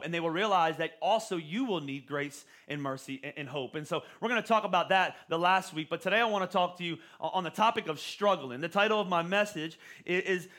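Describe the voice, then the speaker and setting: A man's voice: high-pitched, bright, forceful tone. A man in his forties giving a conversational sermon as a pastor, often repeating words as he starts a phrase.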